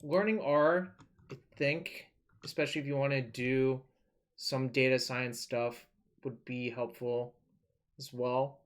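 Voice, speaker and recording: A man's voice: mid-range voice, steady tone, slow. Chatty man streaming a card game. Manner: loose and chatty, swears, thinks aloud. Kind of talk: casual live-stream commentary.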